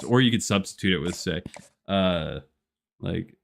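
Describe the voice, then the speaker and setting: A man's voice: low-pitched, very animated, moderate pace, vocal fry, a little hiss or hum. A young man chatting casually on a live gameplay stream, rambling with lots of fillers and frequent laughs. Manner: rambling, laid-back, many "like" fillers, laughs often. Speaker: gaming streamer.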